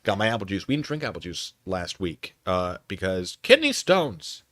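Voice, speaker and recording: A man's voice: sits low, very animated, normal speed, a bit bright, no room sound, clean studio sound. A man hosting a live stream, chatting in a rambling, self-deprecating way at a desk microphone. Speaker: streamer host. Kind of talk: casual live-stream chat.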